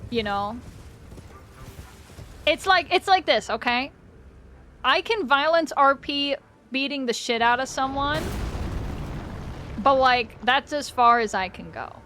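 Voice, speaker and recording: A woman with a high voice chats unhurriedly with her viewers while she plays a game live. She is blunt and swears freely. She laughs often and speaks straight to her chat. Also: bright, forceful tone, a little hiss or hum. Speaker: game streamer. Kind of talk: casual live-stream chat while gaming.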